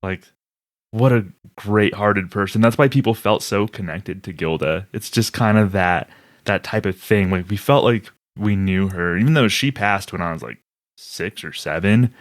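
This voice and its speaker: A man in his forties co-hosting a podcast in casual chat. His voice is lowish and the recording is dry, with no room sound. He thinks aloud in a reflective way and builds his points through comparisons. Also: moderate pace, dry recording. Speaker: podcast co-host.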